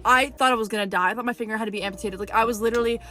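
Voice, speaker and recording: A woman telling a storytime clip to her viewers, indignant and animated. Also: a little high, very fast.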